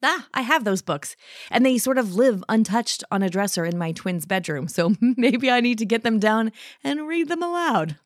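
A woman's voice: a little high, lively intonation, moderate pace, no echo, clean studio sound. A woman hosting a podcast about books, introducing clips with chatty asides. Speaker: podcast host. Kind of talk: podcast narration and commentary.

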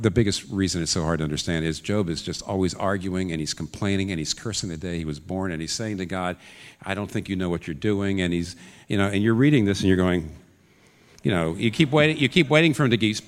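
A man's voice: low-pitched, brisk. A man preaching a sermon in an earnest way, his voice climbing into urgent questions. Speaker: pastor. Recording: long reverb of a large hall.

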